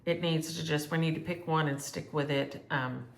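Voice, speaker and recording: A woman's voice: low voice, steady tone, moderate pace, creaky, echoey room, a little hiss or hum. A woman chatting casually and rambling as she shows her cross-stitch projects to viewers. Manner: chatty, rambling, thinks aloud. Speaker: flosstube host.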